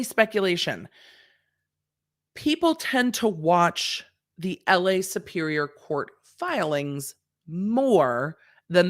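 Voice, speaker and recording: A woman's voice: lowish voice, no echo, studio quality. A woman lawyer hosting a casual legal commentary, reading court papers and acting out the judge's lines with sass. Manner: animated, sassy, acts out the court's lines in quotes.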